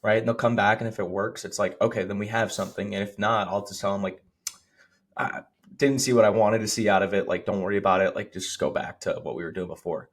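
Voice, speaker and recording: A man who coaches strength, co-hosting a podcast in a relaxed, rambling way, with lots of "like" and "you know". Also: on the low side, fast. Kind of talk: casual podcast chat.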